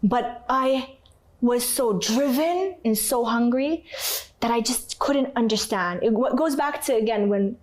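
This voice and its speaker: Animated woman telling a hard story. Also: a little high, measured pace. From Canada. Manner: animated, acts out others' voices and her own crying in quotes; repetitive, emphatic phrasing. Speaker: podcast guest. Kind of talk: emotional personal storytelling.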